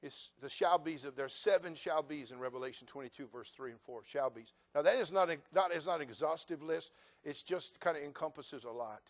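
A male pastor preaching a sermon, animated and humorous, acting out voices of people in his congregation. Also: a little high, a little fast.

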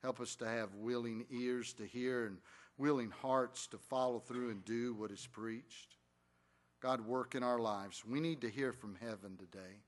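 A man's voice: medium pitch, steady tone, measured pace. A man leading a reverent, earnest prayer before a church service. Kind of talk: spoken prayer. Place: church sanctuary.

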